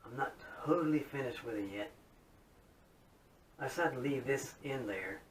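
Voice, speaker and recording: A man in a casual, folksy demo talk, chatty and upbeat as he shows off his modified guitar. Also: moderate pace. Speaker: guitar hobbyist showing his modded guitar. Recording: roomy, distant mic with faint rumble.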